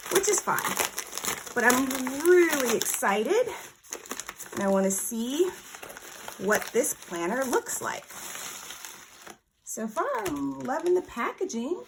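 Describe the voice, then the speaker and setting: A woman vlogger chatting casually through an unboxing, bubbly and excitable, gushing over small surprises. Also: on the high side, noisy background. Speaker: planner vlogger.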